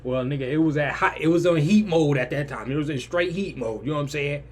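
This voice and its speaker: A young man telling a story in a lively, casual way, jumping to loud, high-pitched quoted lines. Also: quick pace, a little hiss or hum. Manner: animated, swings loud and high in quoted lines, swears freely. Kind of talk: animated storytelling.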